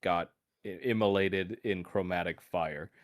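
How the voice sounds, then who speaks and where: A man's voice: low-pitched, steady tone, measured pace, no room sound, clean studio sound. A man running a tabletop game as game master, often laughing and doing many side voices.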